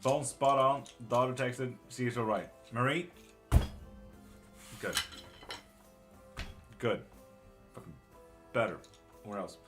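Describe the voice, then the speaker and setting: A man's voice: mid-range voice, slow pace, long pauses, a bit bright, faint music behind. A middle-aged man doing a casual live-stream tarot reading, reading out chat and muttering curses under his breath. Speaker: tarot reader and witchcraft teacher.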